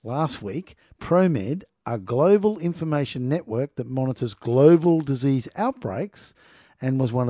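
A man's warm, mellow voice carries casual, sarcastic commentary as he reads the news aloud. He laughs easily and trips over technical words. The sound is dry and close, with no room around it. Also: mid-range voice, dry recording.

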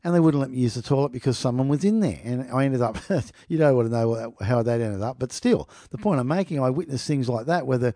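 Brisk, barely pausing, the podcast host speaks in a mellow, medium-pitched voice; the studio audio is clean with no room sound. The middle-aged man rambles through travel tales and article reading in a casual monologue, repeating "people" for emphasis.

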